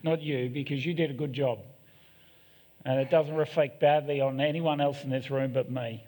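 A man's voice: mid-range voice, fairly even intonation, normal speed, darkish tone. A middle-aged man, preaching a sermon in a candid, self-deprecating way with joking asides. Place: church hall. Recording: long echo of a church hall.

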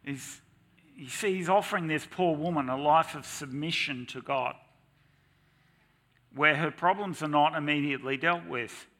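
A middle-aged man with a slightly high voice preaches in church at a moderate pace. His delivery is lively and dramatic, with occasional mock shouting to drive points home.

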